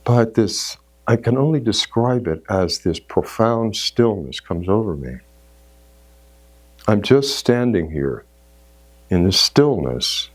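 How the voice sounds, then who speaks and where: Man giving a sermon, slow deliberate pace, lively swinging pitch, dramatic storytelling. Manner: dramatic, acts out inner voices, ranges from shouts to hushed tones. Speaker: speaker at a church service.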